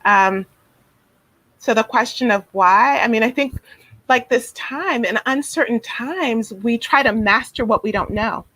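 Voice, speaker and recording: A woman with a fairly high voice talks gently and reflectively as a guest therapist. She is on a video call with a dry, close sound, and she often restarts her sentences around soft fillers. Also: measured pace, no room sound, poor audio. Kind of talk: casual interview talk.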